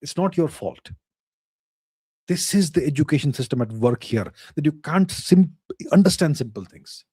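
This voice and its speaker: A man's voice: a little high, animated, moderate pace, warm tone, slightly rough, dry recording. Emphatic man, dry close sound. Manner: emphatic, lecturing, repeats phrases for stress. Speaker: host answering viewer questions. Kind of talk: casual live Q&A.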